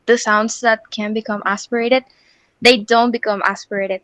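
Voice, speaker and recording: A woman's voice: fairly high pitch, fairly bright tone, no room sound, poor audio. A woman with a Spanish accent, a student carefully asking a phonetics question in class.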